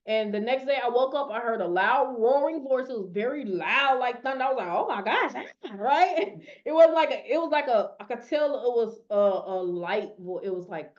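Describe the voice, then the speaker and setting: A woman's voice: a little high, lively intonation, moderate pace, few pauses. A woman in her thirties, a network marketing coach giving an emphatic, story-driven motivational talk over a video call. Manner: emphatic storytelling, dialect speech, "y'all". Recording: dull lo-fi audio.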